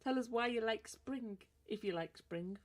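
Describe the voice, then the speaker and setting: A woman's voice: on the high side, normal speed. A British woman co-hosting a radio show, teasing her co-host and laughing often. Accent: British English. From England. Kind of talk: playful banter on a podcast radio show.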